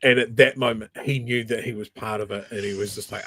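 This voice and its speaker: A man's voice: on the low side, fairly even intonation, fast, a bit bright, no room sound. A male co-host, telling a story in a casual chat with many restarts.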